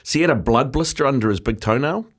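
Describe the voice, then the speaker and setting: A man's voice: medium pitch, expressive, fast talker. A man with a mid-range voice chats casually on a sports podcast. He tells his story at an easygoing pace and laughs along. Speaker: podcast co-host. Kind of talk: casual chat.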